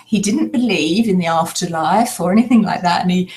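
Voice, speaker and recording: An older woman telling a personal story in a slow, reflective way, pausing often as she speaks. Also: fairly low pitch, a little mellow, a little hiss or hum. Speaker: spiritual speaker.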